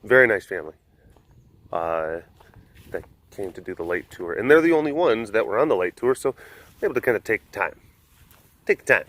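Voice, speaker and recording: A man's voice: on the low side, sing-song, moderate pace, pauses often, a bit bright. A man vlogging outdoors at an animal facility, making playful, jokey asides to viewers and to the animals. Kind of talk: casual chat.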